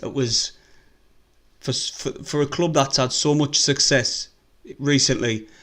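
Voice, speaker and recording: A man's voice: mid-range voice, steady tone, slow, sharp tone. A man with a North East English accent chatting casually and rambling through a live stream as a football fan, swearing freely.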